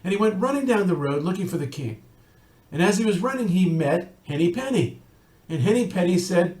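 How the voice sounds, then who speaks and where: A rabbi giving an earnest recorded talk, telling a story and adding wry asides. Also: male voice, high-pitched, expressive, fairly quick, darkish tone, roomy sound.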